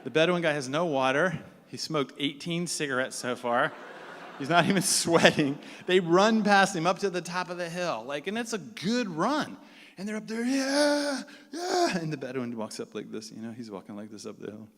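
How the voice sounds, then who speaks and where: Animated male storyteller in a reverberant hall. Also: a little high, moderate pace, a little hiss or hum. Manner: animated, acts out the people he quotes. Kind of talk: live personal storytelling.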